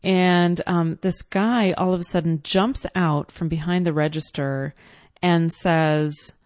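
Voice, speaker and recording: Woman, 30s, lower register, chatty storyteller with ums, dry close sound. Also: fairly even intonation, takes it slowly, a little mellow, no echo. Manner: chatty and reflective, with filler ums and quoted asides. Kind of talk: casual first-person storytelling.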